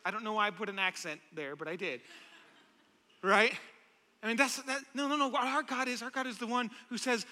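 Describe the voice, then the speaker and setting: A man preaching a sermon as pastor, impassioned, swinging between loud calls and hushed questions. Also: very high voice, a little fast, big-room sound.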